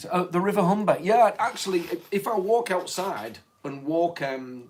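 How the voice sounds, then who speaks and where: A man with a Hull accent co-hosting a casual live-stream chat, animated as he tells stories and thanks viewers. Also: sits high, moderate pace, slight background noise. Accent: East Yorkshire, Hull. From England. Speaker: podcast co-host, tarot reader.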